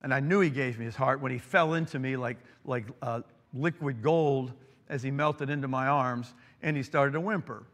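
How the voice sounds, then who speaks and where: A middle-aged male pastor delivers a sermon at an ordinary pitch, moving between emphatic, rising declarations and quiet, intimate storytelling. His voice rings with long reverb in a large church sanctuary. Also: normal speed. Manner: earnest, swings from emphatic to hushed storytelling.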